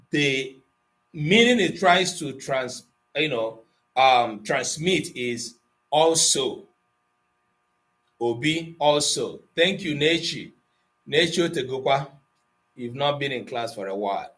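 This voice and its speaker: A man's voice: mid-range voice, lively intonation, slow pace, long pauses, fairly bright tone. A man teaching an online language class, patiently explaining grammar and moving between Igbo and English.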